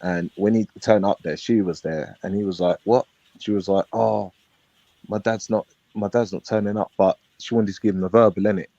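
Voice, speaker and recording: Man, low voice, meandering street-slang storyteller, dull dry stream audio. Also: steady tone, moderate pace, mellow, no room sound. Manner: rambling, street slang, acts out quoted dialogue. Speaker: panel guest. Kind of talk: casual storytelling on a live panel.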